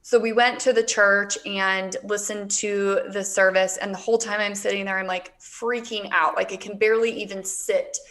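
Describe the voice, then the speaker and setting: A woman's voice: medium pitch, fairly even intonation, normal speed, hardly any pauses, fairly bright tone. A woman in her thirties, a guest business coach in a casual interview, talking with feeling and near tears. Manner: emotional, close to tears while telling her story.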